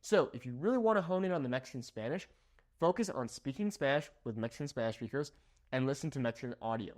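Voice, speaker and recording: A man's voice: mid-range voice, fast talker, darkish tone. A young man from Southern California, a native English speaker, giving a language lesson and checking in with "okay?" after nearly every point. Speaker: Spanish teacher.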